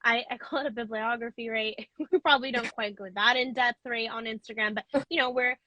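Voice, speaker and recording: A woman host with a sharp, bright, fairly high voice, recorded close and dry. She chats easily and keeps affirming her guest as she asks her questions. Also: steady tone, a little fast, no room sound, rough recording. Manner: chatty, affirming interviewer. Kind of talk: casual conversation.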